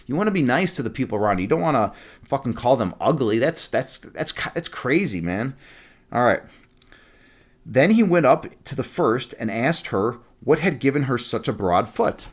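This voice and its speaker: A man reading a fairy tale aloud as a streamer, breaking off into profane, excitable, rambling commentary. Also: mid-range voice, a little slow.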